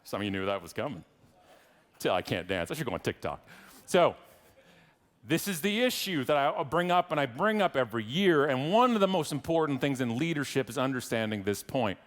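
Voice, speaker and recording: A man's voice: medium pitch, sing-song, fairly quick, fairly bright tone. A middle-aged man with a Canadian accent giving a humorous keynote speech, wry and teasing the audience. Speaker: keynote speaker. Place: large conference hall stage. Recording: long reverb of a large hall.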